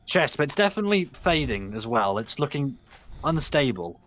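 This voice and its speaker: A man's voice: medium pitch, very animated, moderate pace, fairly bright tone, highs cut off, slight background noise. Man, game master, teasing, vivid combat narration.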